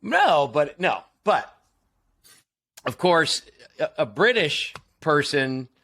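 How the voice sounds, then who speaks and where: A man's voice: on the high side, sing-song, takes it slowly, sharp tone. An American man hosting a casual podcast, talking things through with asides and restarts. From United States. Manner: conversational, explains with asides and restarts. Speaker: podcast host.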